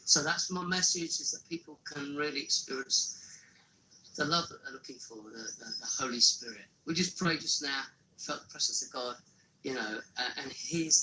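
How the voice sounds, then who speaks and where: Brief: earnest male street evangelist, bright and a bit high, halting with repeats. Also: slight background noise, rough recording. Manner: earnest, often repeats and restarts words. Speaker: street evangelist who walks carrying a cross. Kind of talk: casual interview.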